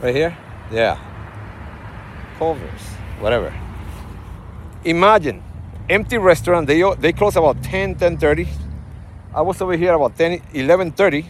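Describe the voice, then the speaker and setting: A man from Puerto Rico with a Puerto Rican accent, vlogging to his phone in a parking lot in a rambling, animated way, full of asides. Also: on the high side, normal speed, pauses often. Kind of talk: casual vlog talk. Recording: faint outdoor traffic noise.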